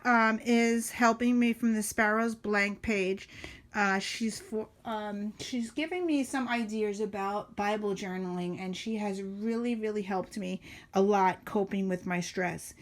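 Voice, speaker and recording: A middle-aged woman talks casually through her journal pages at home. Her voice sits at an ordinary middle pitch. She often stops on ums and uhs and has a soft, emotional tone. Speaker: vlogger.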